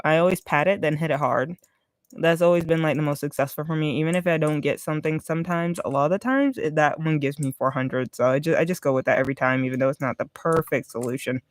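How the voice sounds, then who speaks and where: A chatty, expressive game streamer talks through a live stream in a dry, close sound. The voice is a little congested, sitting at a middle pitch, and it explains strategy while thinking out loud. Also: clean tone, no room sound. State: congested, sniffling. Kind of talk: casual gaming live-stream commentary.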